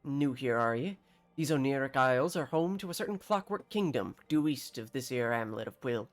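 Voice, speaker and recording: A streamer voicing a jumpy, suspicious male farmer in a deliberately bad put-on accent, reading game dialogue aloud with a folksy, wary, grumbling manner. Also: mid-range voice, very animated, no echo, close to an everyday voice.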